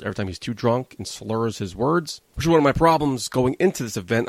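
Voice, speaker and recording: A man's voice: medium pitch, no echo. A man hosting a wrestling podcast, narrating clips in a casual, self-mocking way. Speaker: podcast host.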